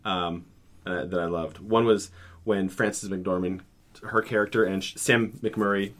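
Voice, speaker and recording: A man's voice: deep voice, fairly even intonation, unhurried, fairly bright tone. A man co-hosting a podcast, retelling film scenes in a rambling, easily amused way. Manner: rambling storytelling, laughs easily. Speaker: podcast co-host. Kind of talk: casual film discussion.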